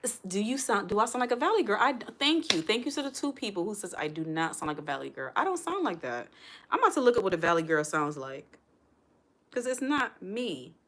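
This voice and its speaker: A woman's voice: medium pitch, big pitch swings, fairly quick, a bit bright, a little hiss or hum. A woman hosting a casual live stream, chatting with viewers and calling them y'all.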